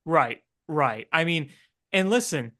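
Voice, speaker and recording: A man with a somewhat raised voice who talks slowly in casual sports chat. He agrees readily and scatters his speech with fillers as he weighs the issue. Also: on the high side, lively intonation, pushed and bright. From Chicago area. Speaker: sports talk podcast co-host.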